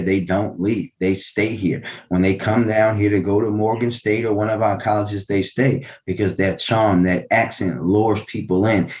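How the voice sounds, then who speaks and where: A man's voice: on the low side, darkish tone. A man answering interview questions with proud, combative, playful trash talk about his city. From Baltimore. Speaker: big-city mayor, interviewee. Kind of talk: boastful interview banter.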